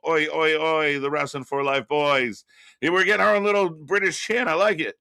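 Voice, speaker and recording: A man co-hosts a live wrestling reaction stream in a loose, casual way, often stopping to welcome viewers from the chat by name. His voice sounds bright and forward. The recording is dry and close, with no room echo. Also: fairly high pitch, fairly quick.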